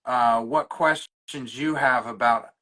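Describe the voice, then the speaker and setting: A man, a guest in recovery, telling his story in a halting way with many restarts, choked up and openly emotional. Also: mid-range voice, bright, forceful tone. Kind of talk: personal storytelling in conversation.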